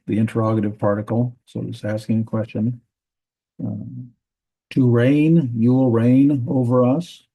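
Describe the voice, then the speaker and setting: A man teaching a grammar lesson from a Bible language textbook, methodical, repeating words and pausing with fillers. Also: lowish voice, dark tone, poor audio.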